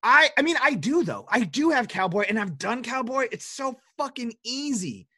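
A man's voice: extremely high pitch, big pitch swings, moderate pace, pushed and bright, no room sound, clean studio sound. A young man from the American Midwest, co-hosting a podcast in casual, teasing banter full of swearing. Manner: joking, profane, teasing. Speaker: podcast co-host.

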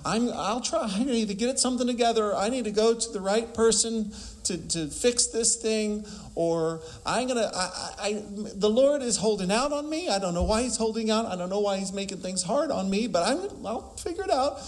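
A man voicing an anxious male believer who complains in a fretful, whiny way. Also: animated. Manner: high-pitched, fretful, rushed complaining.

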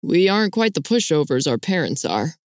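A woman's voice: sits low, big pitch swings, normal speed, no room sound, clean studio sound. A woman reading aloud voices a curt, suspicious man of about thirty. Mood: hostile. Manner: curt, confrontational. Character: suspicious, blunt man around thirty, overprotective brother.

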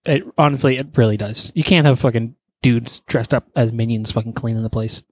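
A man's voice: medium pitch, brisk, no echo. A man co-hosting a podcast, teasing playfully in crude casual banter and laughing often. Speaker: podcast co-host.

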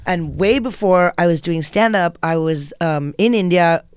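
Woman comic chatting and telling stories, smooth clear voice, dry close sound. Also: fairly low pitch, a little slow, no room sound. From United States. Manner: animated, breaks into acted Italian and quoted voices. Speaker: comedian guest. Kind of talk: casual storytelling chat.

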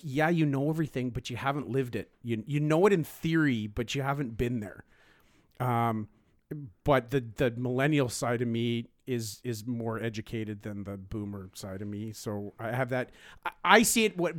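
A man's voice: medium pitch, no echo, clean studio sound. A man in his forties co-hosting a podcast in casual banter, laughing often and swearing through rambling asides. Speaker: podcast co-host.

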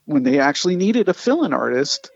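A man, a comic artist, telling animated anecdotes in casual conversation and acting out the people he quotes. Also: on the high side, a little fast, gravelly, breathy edge, no echo, muffled recording. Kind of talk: casual storytelling.

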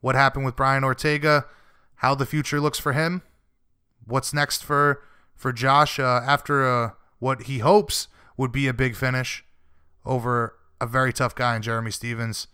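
A male radio host keeps the talk easygoing and friendly, calling his guests buddy and brother. His voice is bright and smooth, with a dry, close sound. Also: medium pitch, flat delivery, moderate pace, no room sound. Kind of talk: casual radio interview and show links.

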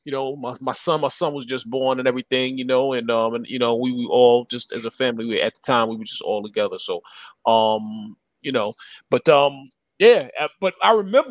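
Co-host, New man, halting reminiscer, dry sound. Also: mid-range voice, dry recording, poor audio. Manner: hesitant, full of fillers. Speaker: podcast co-host. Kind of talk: casual storytelling chat.

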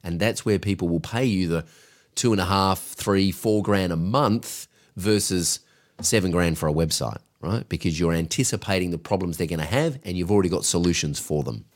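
A man's voice: low voice, moderate pace. A man co-hosting a business podcast, coaching in an emphatic, directive way. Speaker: podcast co-host, agency coach.

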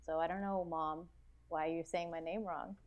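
A woman's voice: lowish voice, moderate pace, muffled recording. An American woman guest on a podcast, talking in a casual, reflective way with lots of "like" and restarts. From United States. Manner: animated, reflective, full of "like" and restarts. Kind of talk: casual interview chat.

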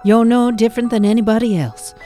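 A woman's voice: on the high side, fairly even intonation, fast talker, dark tone, faint music behind, lightly acted. A woman playing a determined mother who insists and pleads on behalf of her son in a comedy podcast reenactment. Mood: insistent.

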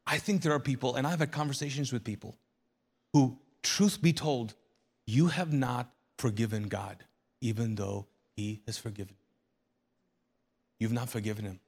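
A man's voice: mid-range voice, moderate pace, pauses often, darkish tone, breathy edge. A man preaching a sermon as a pastor, speaking earnestly and conversationally, often repeating and restarting phrases.

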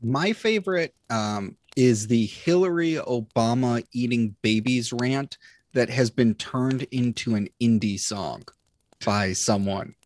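A man's voice: mid-range voice, takes it slowly, a little mellow, no room sound. A young man co-hosting a podcast, chatting casually and rambling with many restarts. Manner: rambling, lots of fillers and restarts. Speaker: podcast co-host. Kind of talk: casual chat.

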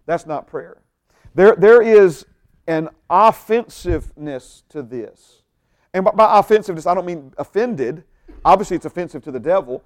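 Male pastor, slightly high voice, emphatic sermon delivery with frequent repetitions and audience check-ins. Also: lively intonation, normal speed, darkish tone. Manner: emphatic, repeats words, asks the audience questions.

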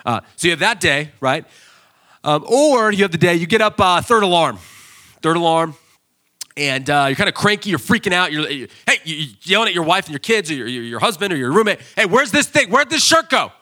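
Bright-voiced, animated male pastor. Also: on the high side, brisk. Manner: animated storytelling, acts out scenes with loud excited bursts. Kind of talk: sermon.

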